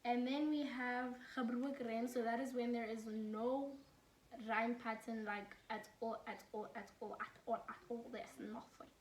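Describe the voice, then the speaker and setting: A woman's voice: fairly high pitch, little pitch movement, normal speed, slight background noise. A young woman from South Africa giving casual study tips, chatty and laughing, mixing English with Afrikaans. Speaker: student tutor. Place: home room during load shedding. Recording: echoey room, mic at a distance.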